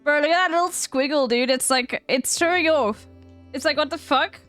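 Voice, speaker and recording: A woman's voice: high voice, moderate pace, fairly bright tone, faint music behind. A woman streamer chatting casually on a live stream, blunt and slangy, with frequent swearing.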